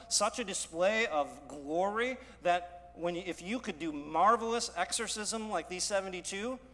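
A man preaching an expository sermon as pastor, earnest, building loud and slow on key words and dropping to quiet asides. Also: on the high side, long reverb tail.

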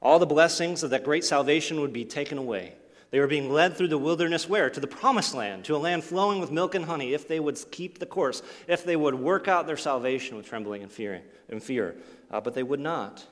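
A man preaching a sermon as pastor, asking the congregation rhetorical questions and swinging from forceful lines to hushed ones. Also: on the high side, brisk, in a large hall. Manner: expressive preaching with rhetorical questions, sudden drops to near-quiet.

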